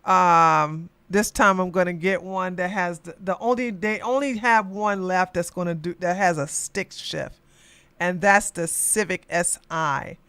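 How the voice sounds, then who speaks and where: A podcast host reading news headlines aloud and reacting with loud exclamations and asides. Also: medium pitch, fairly even intonation, measured pace, clean tone, no room sound. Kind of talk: live news commentary.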